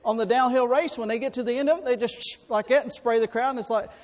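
Male preacher, high voice, folksy storytelling, long reverb from a church hall. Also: quick pace. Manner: folksy, animated storytelling with sudden loud bursts. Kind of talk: sermon with personal stories.

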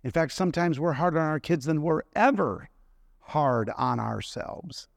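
A man's voice: a little high, lively intonation, normal speed, creaky, no room sound, studio quality. A middle-aged man preaching a sermon, telling personal stories in a conversational way and asking the congregation questions.

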